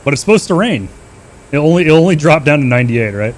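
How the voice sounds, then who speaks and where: A man's voice: a little high, lively intonation, quick pace. A man streaming a flight simulator, trading loose, profane banter with his chat and making short radio calls to teammates.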